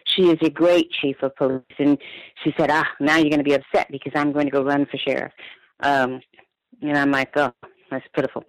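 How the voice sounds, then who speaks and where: A caller on a call-in show, telling rambling, animated anecdotes over the phone. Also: medium pitch, dry recording, low-quality recording. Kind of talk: casual call-in storytelling.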